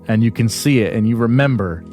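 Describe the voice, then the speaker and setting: A man's voice: medium pitch, animated, a little fast, a little mellow, soft background music. A man narrating as game master in a tabletop game, describing scenes loosely with many restarts.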